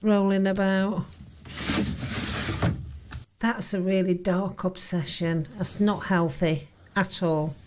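A woman's voice: mid-range voice, steady tone, slow pace, pauses often, background noise. A woman reacting to a ghost-hunting video, jumpy and exclaiming, swearing often.

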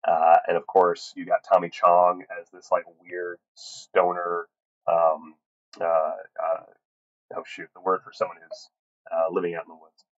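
A man's voice: low-pitched, completely flat delivery, a little slow. A man hosting a casual solo film podcast, rambling with many fillers and restarts and swearing freely. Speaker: podcast host reviewing films. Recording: tinny wrong-mic recording.

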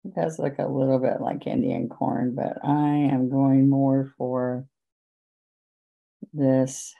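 A woman teaching a painting lesson, giving gentle, chatty step-by-step guidance as she works. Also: very deep voice, slow, vocal fry, phone-quality sound. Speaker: painting instructor. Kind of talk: relaxed painting demonstration.

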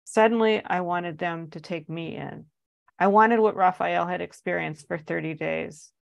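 Gravelly low-voiced woman reading her memoir. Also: a little slow, dry recording, lo-fi sound. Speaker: author reading her own work.

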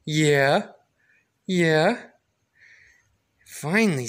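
A father gently coaxing his baby in a home video, sometimes turning playfully dramatic. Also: a little high, animated, takes it slowly.

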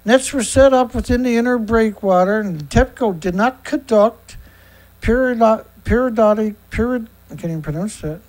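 A show host with a middle-pitched, darkish voice reads news excerpts at a moderate pace, then responds to each with sarcasm and indignation. They often stumble, repeat words and restart sentences, and the recording is low quality.

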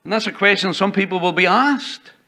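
A man's voice: sits high, moderate pace, bright, forceful tone. A male pastor preaching a sermon in a church, reading scripture aloud and building emphasis as he goes. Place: church sanctuary.

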